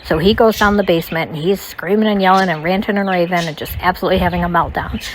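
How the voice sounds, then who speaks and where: A woman with a slightly low voice tells a personal story in a loose, casual way. She rambles and leans on "like" and "you know" as she goes. A faint hiss sits under her voice. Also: steady tone, fast talker, poor audio. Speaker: storytime vlogger.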